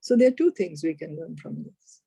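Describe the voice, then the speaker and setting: A woman teaches a spiritual lesson, retelling a scripture story and drawing out its morals. She speaks in a warm, dark, slightly husky voice. She leans on rhetorical questions to draw her listener in. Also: deep voice, expressive, normal speed, no room sound.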